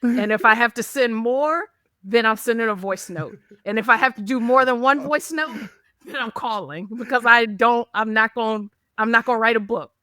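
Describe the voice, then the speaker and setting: A woman co-hosting a podcast in casual, animated chat, laughing often and acting out the texts she quotes. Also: on the high side, moderate pace, clear, resonant tone, no room sound, clean studio sound. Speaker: podcast co-host.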